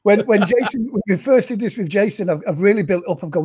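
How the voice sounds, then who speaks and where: A man's voice: high voice, expressive, fast talker, hardly any pauses, darkish tone, slightly rough. A man hosting a casual online show, chatting and joking as he reads out comments from viewers. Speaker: podcast host. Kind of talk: casual chat.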